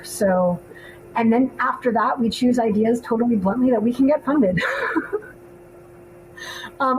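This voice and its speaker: A woman's voice: medium pitch, creaky, a little hiss or hum, poor audio. A woman in her thirties, a filmmaker co-hosting a podcast, chatting casually with lots of ums. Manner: chatty, laughs often, many ums. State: hiccups. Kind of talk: casual panel chat.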